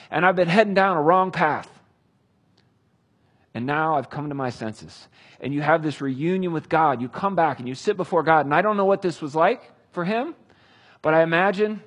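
A husky man with a slightly high voice delivers a sermon. He tells the story in an earnest, storytelling way and holds dramatic pauses. He sounds like a man in his thirties. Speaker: pastor.

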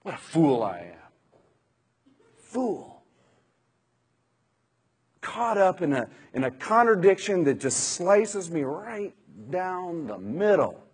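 Remorseful grown disciple berating himself in a husky, lively-pitched voice, put on by a male preacher. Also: slow pace, long pauses, in a large hall, exaggerated voice. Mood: self-reproaching. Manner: self-reproaching inner monologue.

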